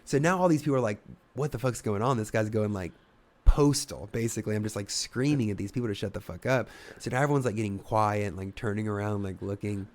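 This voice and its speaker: Talking fast in a lowish voice, a young stand-up from Ohio, US, shares a profane, easygoing story on a podcast. He's animated, swears often, and does voices for the people in his tale.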